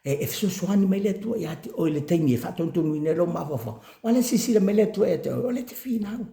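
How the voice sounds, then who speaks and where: A man telling a lively motivational story about not giving up, switching between English and another language and acting out what others said. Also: high voice, fast talker, vocal fry, reverberant. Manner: animated, switches between English and Samoan, acts out quotes.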